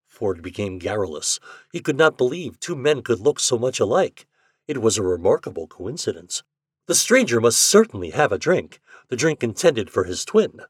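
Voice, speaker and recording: Man, podcast host, story narration, animated pitch, dry close-miked sound. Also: moderate pace, husky, no room sound. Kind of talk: scripted narration.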